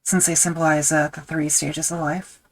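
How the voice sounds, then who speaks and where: A woman with a low voice talks loosely as she works on a leather project during a live stream. She thinks aloud, wanders off on tangents and makes light fun of herself. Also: flat delivery, moderate pace, low-quality recording. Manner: rambling, self-deprecating, thinks aloud with fillers. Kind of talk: casual chat while crafting on a live stream.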